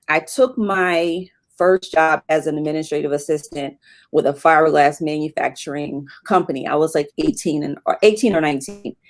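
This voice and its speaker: Middle-aged woman guest, low-pitched, candid and filler-heavy storytelling. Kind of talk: personal story in an interview.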